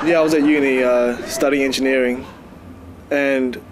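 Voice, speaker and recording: A man's voice: medium pitch, fairly even intonation, normal speed, noisy background. A young man in an interview, talking casually and hesitantly.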